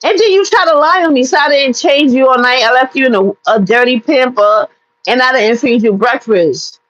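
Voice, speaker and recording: A woman's voice: high-pitched, moderate pace, a bit bright, lo-fi sound. A woman vlogger telling a personal story as a blunt, profane, heated rant.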